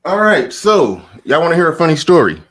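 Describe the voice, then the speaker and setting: A man's voice: fairly high pitch, sing-song, a little fast, a bit bright, no echo, studio quality. A man hosting a casual live talk show, joking, cursing and laughing as he chats with his audience. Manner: joking, swearing, laughing at his own stories. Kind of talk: casual livestream chat.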